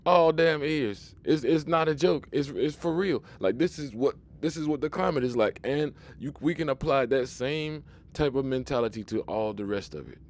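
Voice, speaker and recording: A man's voice: mid-range voice, expressive, moderate pace, few pauses, a little mellow. A man giving a casual spoken commentary monologue, emphatic and preachy, often restarting and repeating words as he pushes his point. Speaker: video commentator.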